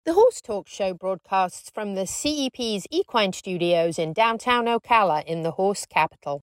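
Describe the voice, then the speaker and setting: A woman's voice: medium pitch, expressive, moderate pace. A woman with a British accent hosting a talk show, chatty and laughing easily between sponsor reads. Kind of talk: casual chat.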